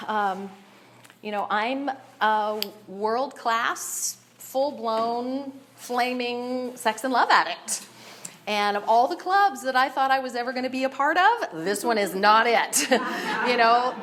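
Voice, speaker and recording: A woman's voice: on the high side, slow pace, fairly bright tone, slight background noise. A woman giving a personal share at a recovery meeting, nervous and emotional, often breaking into laughter as she speaks candidly.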